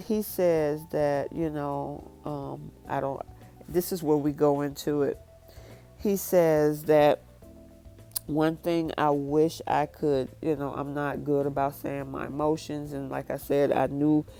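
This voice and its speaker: A woman with a low, mellow voice, chatting through a reality-show recap. She keeps acting out the cast's lines as she retells each scene. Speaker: recap vlogger. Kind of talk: casual recap and review.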